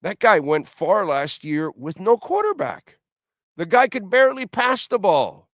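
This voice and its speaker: A man's voice: high-pitched, big pitch swings, measured pace, fairly bright tone, no room sound, clean studio sound. A middle-aged man hosting a sports talk radio show, ranting bluntly and lecturing listeners.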